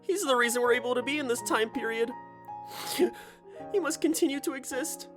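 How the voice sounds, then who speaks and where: A man doing a tearful timid young woman, very high. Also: brisk, over music. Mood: tearful, apologetic. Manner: soft apologetic, sniffling.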